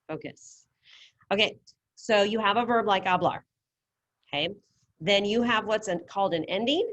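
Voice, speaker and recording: In an online Spanish lesson, a woman with a medium-pitched, fairly bright voice explains step by step. She's patient and encouraging, speaking over a video call through her computer mic.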